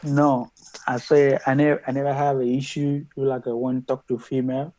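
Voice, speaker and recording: A man with a noticeable foreign accent in a casual coaching chat, talking haltingly with many repeats, restarts and loose phrasing. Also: mid-range voice, level tone, darkish tone, dry recording, poor audio. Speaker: interview coaching client.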